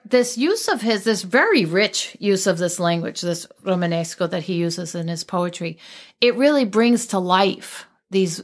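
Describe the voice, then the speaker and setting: Chatty, digressive woman. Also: medium pitch. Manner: chatty, digressive, with many restarts. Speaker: guest discussing a poet. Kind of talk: casual conversation.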